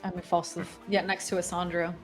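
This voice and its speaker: A woman's voice: on the low side, little pitch movement, fast talker, faint music behind. A woman playing in a tabletop game, asking questions and working through the rules with the game master. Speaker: player. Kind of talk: casual tabletop game play.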